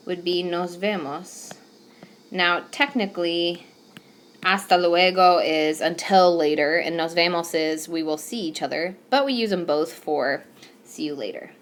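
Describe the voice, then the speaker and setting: A woman's voice: fairly low pitch, a bit bright, a little hiss or hum. A woman teacher explaining a recorded whiteboard lesson patiently, with some fillers. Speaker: Spanish teacher. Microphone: tablet microphone.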